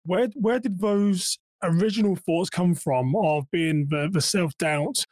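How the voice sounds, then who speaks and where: A man's voice: high-pitched, a little slow, a little mellow, no echo. A man hosting a podcast, asking rambling interview questions and repeating words as he forms them. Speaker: podcast host. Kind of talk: conversational interview.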